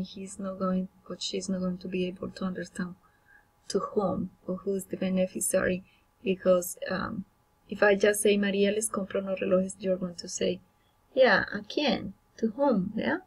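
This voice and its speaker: A woman's voice: medium pitch, little pitch movement, moderate pace, darkish tone, breathy edge, poor audio. Woman teaching grammar with many fillers. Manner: explanatory, many fillers and restarts. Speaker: Spanish teacher. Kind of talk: recorded grammar lesson.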